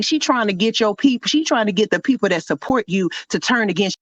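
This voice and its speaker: Calling from home in the middle of a storm, this woman rants heatedly, with lots of profanity and repetition. She's animated and fairly quick at medium pitch, and the phone call sounds dry, dull and lo-fi.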